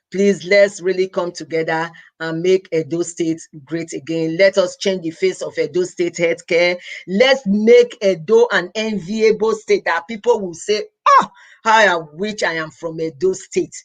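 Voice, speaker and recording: A young adult woman from Edo State in Nigeria, with a Nigerian accent, hosting a casual live stream as a healthcare professional. She talks earnestly and pleads, repeating her words and slipping into Pidgin. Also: lowish voice.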